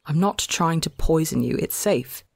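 Man voicing a weary gentle forest god. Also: fairly high pitch, lively intonation, moderate pace, creaky, slightly rough, dry recording, heavily acted. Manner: soft, tired, wistful.

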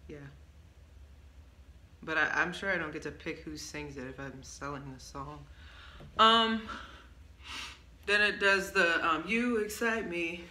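A woman with a lowish, fairly even voice talks through a song she wrote at a measured pace, with frequent pauses and a sharp tone. It's a loose, casual vlog chat where she rambles, says "um" a lot and keeps correcting herself. The recording has a roomy echo and a faint hiss in the background.

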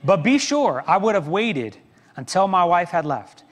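A man's voice: high voice, very animated, measured pace, big-room sound. A middle-aged man preaching a sermon as pastor, telling a story with self-deprecating humor. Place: church sanctuary.

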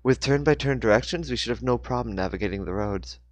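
A man's voice: mid-range voice, fast, no room sound, lightly acted. A man reading the lines of a blunt, awkward teenage girl in a storybook. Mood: wry. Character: teen girl, chatty, defensive, awkward.

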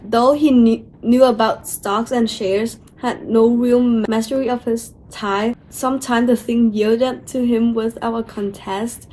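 A woman's voice: fairly high pitch, warm tone, poor audio. A woman reading a storybook aloud carefully, with occasional small slips, over faint room noise. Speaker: audiobook reader. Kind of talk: read-aloud storybook narration.

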